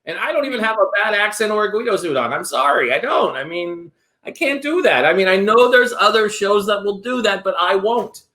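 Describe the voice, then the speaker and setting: A man in his thirties hosting a chat show, giggly and excitable, with lots of fillers. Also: high-pitched, a little fast, roomy sound. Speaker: show host. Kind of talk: casual chat.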